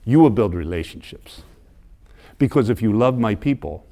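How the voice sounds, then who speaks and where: A gentle older missionary priest speaks slowly and quietly, with a light Ugandan accent, as an American man puts him on. His voice is lower and softer than the speaker's own. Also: expressive. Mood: gently wise. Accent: light put-on Ugandan. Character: soft-spoken older male missionary priest, gently wise.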